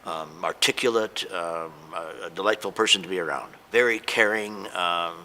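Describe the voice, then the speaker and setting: A man tells his story as a patient, emotional and hesitant, stumbling through restarts and fillers. His voice sits a little low but sounds bright. Faint noise hangs behind him. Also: moderate pace. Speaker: patient giving a testimonial. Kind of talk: unscripted testimonial.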